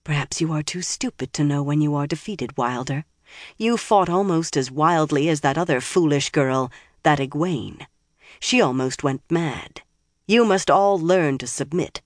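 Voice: medium pitch, unhurried, no room sound, close to an everyday voice. A narrator voicing a cruel, mocking woman sorceress who taunts her captives in oddly clipped phrasing, in a dry recording. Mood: contemptuous.

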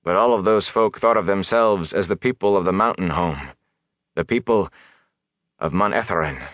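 Man doing stern sorceress woman, quiet authority, low voice, dry. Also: normal speed, dry recording. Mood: solemn. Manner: quiet but stern and grave. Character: commanding mysterious sorceress woman.

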